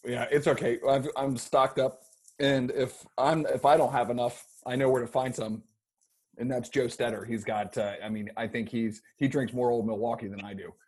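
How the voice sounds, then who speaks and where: A man's voice: medium pitch, fairly even intonation, normal speed, a little mellow. A man hosting a casual podcast, telling a long story in a rambling way with many restarts and fillers. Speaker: podcast host.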